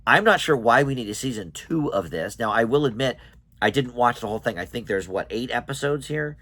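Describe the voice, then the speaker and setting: A man's voice: mid-range voice, expressive, a little fast, a bit bright, no echo. A man hosting his own review show, giving a casual spoken verdict on a TV series in a chatty, hesitant way with many ums and restarts.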